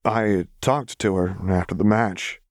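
A tough young woman fighter, read by a man, stumbles over her words and swears as she opens up. The voice sits low and slow in a dry, close recording, like a fan audiobook read straight to the mic. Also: no echo, lightly acted. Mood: hesitant. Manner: blunt, halting, swears often. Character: rough-edged young woman brawler, guarded and emotional.

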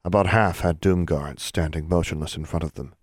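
A man reading a story aloud as audiobook narrator, in a steady, measured voice. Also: deep voice, no echo, studio quality. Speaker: audiobook reader.

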